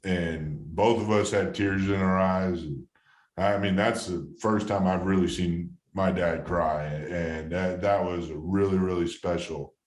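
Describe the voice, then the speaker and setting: A low-voiced man in his thirties tells a story in a relaxed, rambling way, full of fillers and restarts. His voice carries a clear echo from the room. He talks like a former ballplayer remembering his career. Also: measured pace. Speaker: guest, former baseball catcher. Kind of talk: casual storytelling interview.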